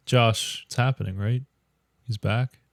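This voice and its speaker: A man's voice: medium pitch, steady tone, measured pace, creaky, dry recording, studio quality. Man steering a sports talk. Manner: asks questions, steers the conversation. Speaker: sports podcast host. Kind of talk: casual sports discussion.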